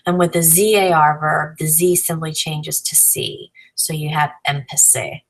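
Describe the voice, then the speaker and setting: A woman's voice: deep voice, expressive, a little slow, vocal fry, low-quality recording. A woman teacher explaining grammar patiently, step by step, spelling out letters as she goes. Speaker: Spanish teacher. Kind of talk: recorded grammar lesson.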